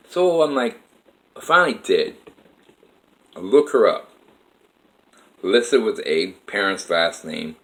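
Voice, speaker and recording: A man's voice: lowish voice, very animated, unhurried, long pauses, fairly bright tone, poor audio. A man telling a personal life story to camera in a rambling, emotional way, with frequent restarts.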